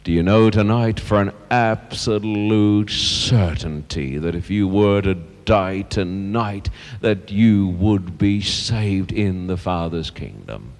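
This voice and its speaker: A man's voice: sits low, takes it slowly, hardly any pauses, darkish tone, long reverb tail. A man preaching an evangelistic sermon to a live audience, emphatic and calling on listeners to answer aloud. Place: church hall with a blackboard and a live audience.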